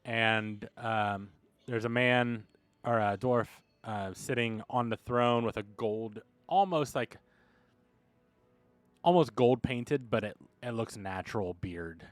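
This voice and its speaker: A man narrating as game master in a casual, halting way. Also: medium pitch, no echo.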